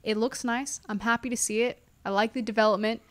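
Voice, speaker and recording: A woman co-hosting a podcast in casual chat, lively and opinionated, with quick jokes. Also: a little high. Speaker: esports podcast co-host.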